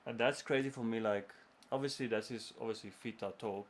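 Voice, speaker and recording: A man co-hosting a gaming livestream, chatting in an animated way and stopping to search for words. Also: on the low side, fairly quick, slight background noise. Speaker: co-host of a gaming stream. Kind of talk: casual chat.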